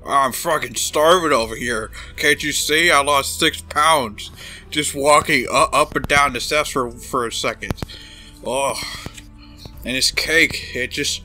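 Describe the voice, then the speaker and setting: A man's voice: mid-range voice, unhurried, pushed and bright, faint music behind. Man doing a crude gluttonous boss. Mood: bossy. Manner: crude, boastful, smacking over cake. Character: gluttonous arrogant male corporate boss. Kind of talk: comedic fan dub of a game.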